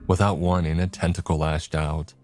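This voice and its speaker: A man giving a measured, dramatic scripted narration of a horror story. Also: deep voice, flat delivery. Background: faint music.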